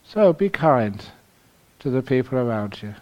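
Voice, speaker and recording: Slow, gently joking London man. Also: mid-range voice, big pitch swings. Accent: London English. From London, England. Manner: humorous storytelling, chuckles at his own jokes. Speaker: meditation teacher. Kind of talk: retreat dharma talk.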